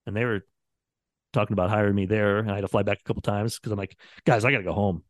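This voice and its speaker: A man's voice: lowish voice, flat delivery, rapid-fire, no room sound, clean studio sound. Rambling man telling stories. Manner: rambling storyteller, acts out quotes. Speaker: radio producer. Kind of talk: casual podcast chat.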